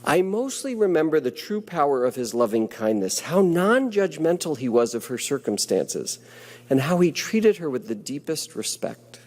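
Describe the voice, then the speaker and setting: A man's voice: fairly high pitch, very animated, normal speed. A man giving a prepared ceremonial speech, telling stories in an earnest, reflective way. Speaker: ceremony speaker. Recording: long hall reverb.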